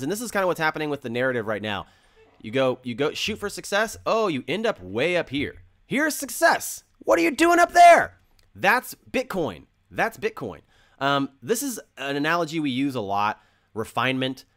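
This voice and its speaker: A man's voice: mid-range voice, a bit bright. A man hosting a crypto channel, talking casually and earnestly and repeating phrases for emphasis while he explains with drawings.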